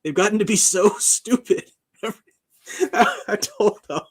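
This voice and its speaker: A man's voice: sits high, slow pace, slightly rough. A man, a university professor hosting his own channel, talking in a casual livestream chat, emphatic and often laughing at his own remarks.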